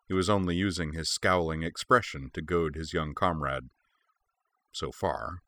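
A man narrating a fan fiction story in a steady, clear storytelling manner. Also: rumbling low, normal speed, no room sound. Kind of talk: audiobook reading of fan fiction.

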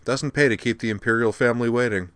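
A man voicing a breezy, cheeky young woman pilot officer in an audiobook, teasing and quick. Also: mid-range voice, a bit bright, no room sound, voice pushed up, close to an everyday voice.

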